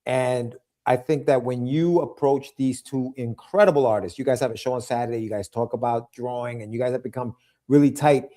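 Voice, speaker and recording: An excitable man hosts a casual live-stream chat. His voice is warm and mellow, and he keeps piling enthusiasm onto his guests. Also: mid-range voice, a little fast. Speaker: livestream show host.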